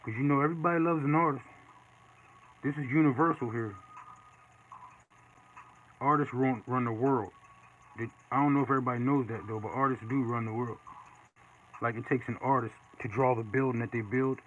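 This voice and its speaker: A man casually chatting while he draws live, reading and answering viewer comments in a relaxed way. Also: medium pitch, a little fast, long pauses. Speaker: artist streaming live. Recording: dull lo-fi with faint noise.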